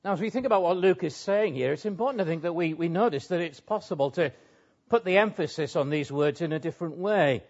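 A man's voice: on the high side, fast, a little mellow. A man preaching an expository sermon in an earnest, emphatic way, pressing key words with rising and falling emphasis. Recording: dull lo-fi sound.

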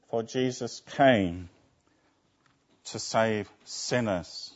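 A man's voice: mid-range voice, big pitch swings, slow pace. A man preaching a sermon, often asking his listeners rhetorical tag questions. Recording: dull lo-fi recording.

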